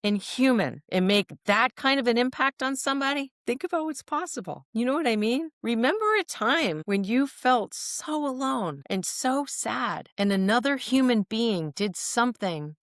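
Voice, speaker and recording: A woman's voice: on the high side, expressive, normal speed, few pauses, dry recording, clean studio sound. A woman speaking on mental health, telling personal stories in an earnest, emphatic way and often checking in with her listener. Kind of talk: personal storytelling monologue.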